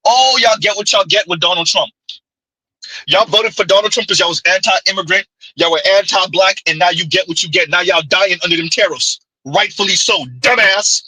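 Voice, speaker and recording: A man's voice: high voice, moderate pace, bright, forceful tone, husky, dry recording, rough recording. A man, hosting a sarcastic, heated commentary rant. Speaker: commentary channel host.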